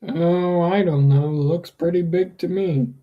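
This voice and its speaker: A middle-aged father blusters and shrugs off his son's corrections in a gruff, dismissive voice, as a reader puts him on. He sounds unbothered and a bit loud. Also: mid-range voice, steady tone, takes it slowly, muffled recording, lightly acted.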